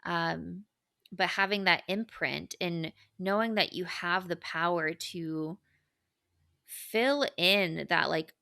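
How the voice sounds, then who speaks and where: Reflective young woman with a bright voice. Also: lowish voice, takes it slowly, creaky, no echo, studio quality. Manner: reflective, filler-heavy musing. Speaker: podcast co-host. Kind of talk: casual chat.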